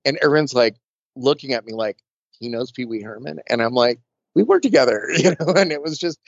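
A man guest in an interview, talking in loose, winding anecdotes full of "like" and "you know." His voice sits at an ordinary pitch. It comes through dull and dry, as if from a modest mic with no room sound. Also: fairly quick, dry recording. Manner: chatty, rambling, full of fillers and restarts. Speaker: makeup artist guest. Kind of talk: casual storytelling interview.

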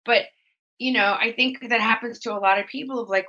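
A woman with a high, bright, clear voice shares her experiences openly in an interview. She often quotes her own thoughts in animated little voices. Her audio comes through somewhat dull and lo-fi, like a remote line. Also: fairly quick. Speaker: guest. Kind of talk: candid conversational interview.

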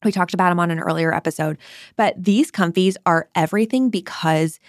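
Young woman, podcast host, casual gossipy chat, opinionated, lowish voice, dry close sound. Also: a little fast, no echo. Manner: chatty, opinionated and gossipy, with swooping emphasis.

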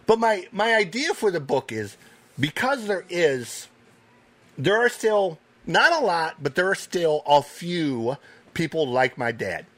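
A man, a podcast guest, telling animated stories in a casual chat, swearing now and then. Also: a little high, unhurried. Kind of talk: casual storytelling.

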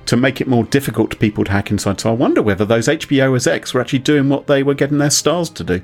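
A man's voice: mid-range voice, racing, soft background music. A man hosting a casual tech news chat, wry and chatty, explaining with asides. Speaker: podcast host.

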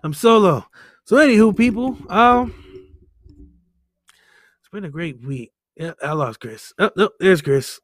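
Male podcast host, higher pitch, loose jokey delivery, dry close mic. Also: expressive, measured pace, pauses often, no room sound. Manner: joking, loose, swears freely. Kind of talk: casual podcast banter. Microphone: remote call setup.

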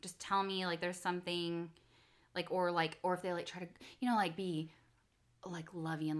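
A woman in her thirties co-hosting a podcast, chatting casually in a playful, expressive way. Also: lowish voice, fairly quick. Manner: expressive, playful, with sudden loud bursts. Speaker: podcast co-host. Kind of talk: casual chat.

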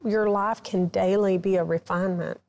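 A woman's voice: medium pitch, steady tone, moderate pace, a little mellow. A woman author, a guest on a Christian talk show, speaking earnestly as she teaches and leads a prayer.

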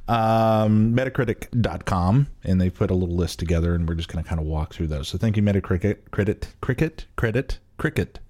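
A low-pitched man with a warm tone hosts a podcast, talking quickly with few pauses. His casual chat rambles and turns self-mocking, with sentences trailing off and starting again.

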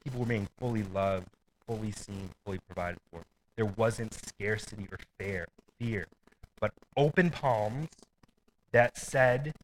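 A man's voice: lowish voice, a little slow, a little hiss or hum, poor audio. A man preaching a sermon in a casual, conversational way, with asides and light laughter. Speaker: pastor.

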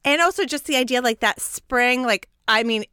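A woman in her thirties hosting an interview, chatty and animated, saying "like" a lot. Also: on the high side, normal speed, clean tone, no echo, clean studio sound. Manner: chatty, heavy use of "like", animated storytelling. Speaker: podcast host. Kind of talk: casual interview chat.

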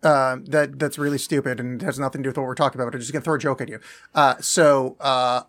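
A man co-hosting a podcast in casual chat, teasing his partner with deadpan jokes. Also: mid-range voice, fast talker. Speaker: podcast co-host.

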